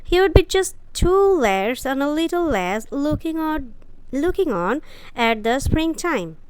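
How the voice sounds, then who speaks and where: A woman's voice: sits high, big pitch swings, unhurried, dry recording, voice pushed up. Woman reading as Deacon, a kind country boy. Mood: friendly.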